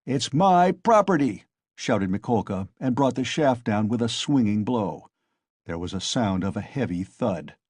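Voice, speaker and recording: Brief: male novel narrator, husky, dry close-mic read, steady pace. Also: medium pitch, dry recording. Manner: steady storytelling. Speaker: audiobook narrator. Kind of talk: scripted narration.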